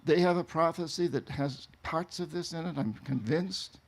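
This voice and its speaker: A man from New England telling a travel story to an audience in an animated way, laughing often. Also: a little high, moderate pace. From New England, USA. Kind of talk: storytelling talk.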